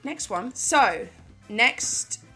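A woman's voice: fairly high pitch, lively intonation, drawn-out words, sharp tone, soft background music. A woman co-hosting a podcast in casual chat, blunt, sweary and laughing a lot. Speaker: podcast co-host.

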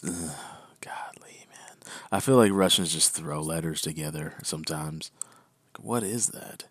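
A man's voice: rumbling low, unhurried, a bit bright, no room sound. A man co-hosting a podcast, reading news headlines and explaining them in casual chat, often adding "right?". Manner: reads headlines, then explains loosely with "right?" asides. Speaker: podcast co-host.

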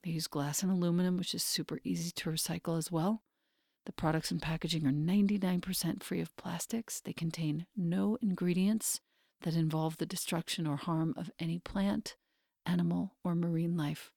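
A woman hosting a podcast, speaking in a soft, unhurried way through her ad read and her introduction. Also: on the low side, fairly even intonation, creaky, no echo, clean studio sound. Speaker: podcast host.

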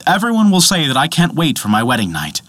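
A man's voice: on the high side, wildly swooping pitch, quick pace, fairly bright tone, dry recording, studio quality, heavily acted. A man voicing a blunt, proud male dwarf who is testy and haughty.

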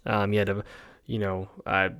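A man's voice: fairly low pitch, flat delivery, moderate pace, a bit bright. A young man hosting a solo podcast, talking casually and sarcastically, rambling with frequent ums. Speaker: podcast host.

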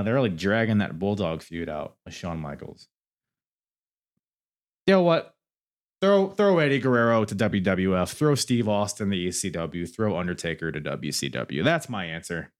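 A man hosting a solo podcast and answering listener questions, joking and rambling as he goes, often laughing. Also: fairly low pitch. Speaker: podcast host.

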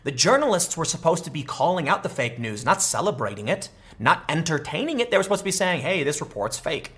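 A man giving opinionated political commentary in a sarcastic, animated way, talking fast with frequent restarts. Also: on the high side.

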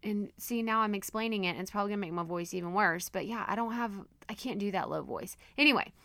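A woman hosting her own podcast, teaching in a chatty, animated, self-deprecating way, with her voice strained and going hoarse. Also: medium pitch, fast talker, no room sound. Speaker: podcast host and coach. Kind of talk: casual solo podcast teaching.

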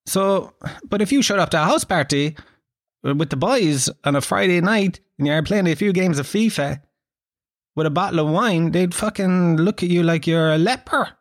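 Sweary Irish man, slightly high voice. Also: animated, normal speed, dry recording, clean studio sound. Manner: rambling, sweary, self-mocking. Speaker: podcast host. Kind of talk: casual comic monologue.

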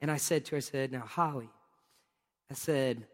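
A male pastor giving a sermon, telling funny personal stories in an animated, playful way and acting out scenes with exclamations. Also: mid-range voice, fast. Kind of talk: sermon with humorous personal storytelling. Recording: long reverb of a large hall.

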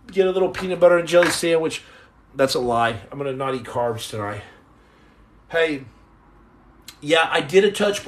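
A middle-aged man hosting a casual live stream, jumping between jokes and shout-outs to the chat. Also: on the high side.

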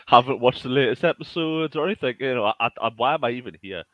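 A man's voice: mid-range voice, fairly quick, no echo, lo-fi sound. A man on a casual podcast, self-deprecating and hesitant, often restarting his sentences. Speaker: podcast co-host. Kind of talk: casual chat.

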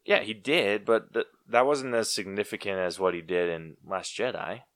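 Low-voiced man chatting on a podcast. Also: normal speed, a bit bright, no room sound, clean studio sound. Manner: laughs often, blunt opinions. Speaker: podcast co-host. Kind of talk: casual movie review chat.

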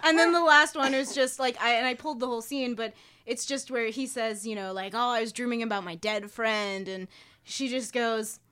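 A woman's voice: on the high side, moderate pace, pushed and bright, clean tone. A young woman co-hosting a casual movie podcast, laughing often and speaking bluntly and animatedly. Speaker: podcast co-host.

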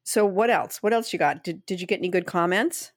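Female co-host, animated storyteller, lower-pitched, dry close-miked sound. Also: brisk, dry recording. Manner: lively storyteller, acts out quotes and laughs easily. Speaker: podcast co-host. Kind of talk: casual chat.

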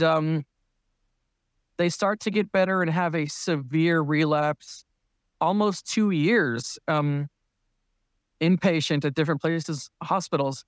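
A man's voice: on the high side, smooth, no room sound, studio quality. A man who is a clown and a parent, a podcast guest telling a story in casual talk and laughing often as he goes.

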